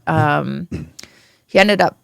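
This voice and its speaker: Gravelly-voiced woman telling her story. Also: sits low, a bit bright, no room sound, clean studio sound. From Ontario, Canada. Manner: frank, swears freely, halting restarts. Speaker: podcast guest. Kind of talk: candid conversational storytelling.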